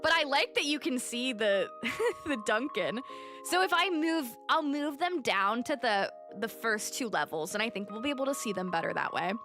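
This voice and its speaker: A woman's voice: a little high, lively intonation, moderate pace, music in the background. A woman livestreamer chatting casually and animatedly, telling a story while she plays and greets her chat.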